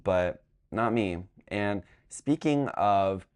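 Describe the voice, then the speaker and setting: Young male vlog host, low and mellow, tired, dramatic and gossipy. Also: normal speed. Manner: dramatic, gossipy, swings between drained sighs and excited squeals. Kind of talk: casual chatty vlog.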